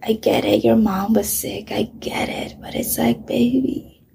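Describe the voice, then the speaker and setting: A woman's voice: medium pitch, level tone, moderate pace, vocal fry. A middle-aged woman, a mother, candidly telling a painful personal story, swearing often and sometimes dropping to a whisper.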